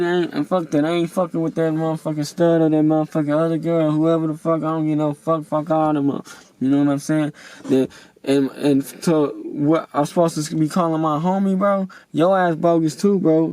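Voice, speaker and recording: A young man with a slightly high voice rambles through a heated, profane storytime rant, full of fillers. He talks close to the mic with a dry, dead sound. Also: steady tone, brisk, a little mellow, smooth, no echo, rough recording. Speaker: vlogger.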